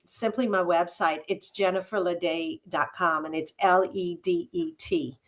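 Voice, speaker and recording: A woman who coaches and speaks in public, answering interview questions in a thoughtful way with many "um" pauses. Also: on the low side, steady tone. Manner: thoughtful, uses many "um" fillers, tells stories about herself. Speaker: podcast guest, coach and speaker. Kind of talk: casual interview conversation.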